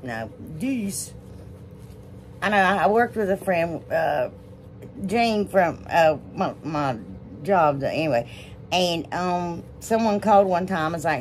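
A woman's voice: lowish voice, animated, unhurried, slight background noise. A woman hosting a casual crafting vlog, rambling and gushing over what she shows. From United States. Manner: rambling, gushing, says y'all often. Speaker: DIY crafts channel host.

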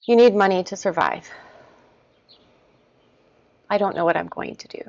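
A woman guiding an EFT tapping session, repeating short first-person statements about stress in a steady rhythm. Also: mid-range voice, normal speed, gravelly, dry recording. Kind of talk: guided tapping, spoken affirmations. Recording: dull lo-fi sound, dry.

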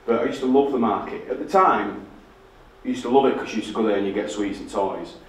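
A man's voice: fairly low pitch, fast talker, recorded from a distance. A man with a Yorkshire accent giving a candid, sweary storytelling talk to an audience. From Barnsley, England. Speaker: guest speaker. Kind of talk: public talk. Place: large indoor lecture hall. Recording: echoey hall from afar.

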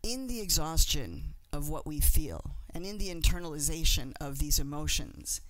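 A woman's voice: deep voice, expressive, moderate pace, few pauses, dry recording, poor audio. A middle-aged woman from Mexico, giving a passionate, emphatic speech with repeated phrases. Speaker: journalist and speaker. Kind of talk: emotional symposium speech.

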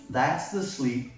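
Middle-aged man lecturing in an echoey room. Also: medium pitch. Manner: explanatory, adds rhetorical checks. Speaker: martial arts instructor. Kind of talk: lecture on meditation and biology. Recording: very echoey room, voice far from mic.

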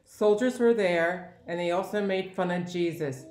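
A woman with a fairly low voice reads a story gently aloud for a church pageant. Her voice echoes in a roomy church. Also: measured pace. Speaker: narrator.

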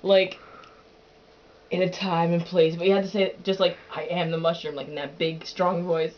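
A woman's voice: fairly low pitch, fairly even intonation, moderate pace. A woman in casual home video banter, giggly and coaxing, with a lot of "like" and "yo". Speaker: sibling filming at home. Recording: dull lo-fi home camcorder with faint hiss.

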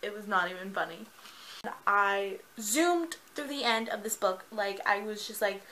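A young woman reviewing a book in a casual vlog. She talks in a gushing, excitable way and laughs often. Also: medium pitch, measured pace, a little hiss or hum, poor audio.

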